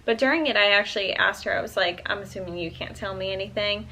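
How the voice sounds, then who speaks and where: A young woman in her twenties with a bright, clear voice, chatting casually to her viewers. She tells her story in a loose, conversational way, full of "um" and "like", at an ordinary pitch for a woman. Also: fast, a little hiss or hum, low-quality recording. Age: 20s. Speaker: vlogger.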